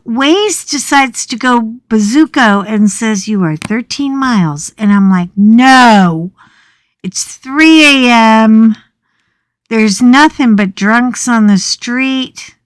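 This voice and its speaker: A middle-aged American woman telling a story in a chatty, animated way as she talks on her craft channel. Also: medium pitch, no room sound. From United States. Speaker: craft vlogger. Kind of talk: casual storytelling chat. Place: small home craft room.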